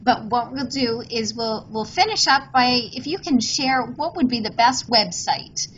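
A woman's voice: on the high side, lively intonation, measured pace, fairly bright tone. A woman hosting a podcast interview who thanks her guest graciously. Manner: gracious, short affirmations. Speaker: podcast host. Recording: dull lo-fi sound with faint noise.

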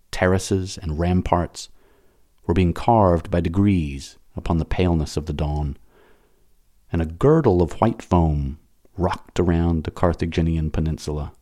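A man reading a novel aloud as an audiobook narrator, dramatic and expressive. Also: deep voice.

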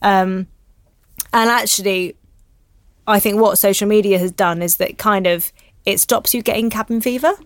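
A woman's voice: mid-range voice, fairly even intonation, normal speed, pauses often, dry recording, studio quality. A woman in her thirties, a writer and guest, talking reflectively in casual chat.

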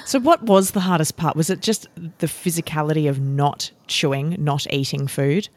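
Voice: mid-range voice, moderate pace. A podcast host in a casual interview who asks curious questions and laughs along with the guest.

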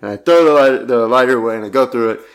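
Young man, casual anecdote, rambling, filler-heavy, laughs between lines, average pitch. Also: fast talker, clear, resonant tone. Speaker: storyteller.

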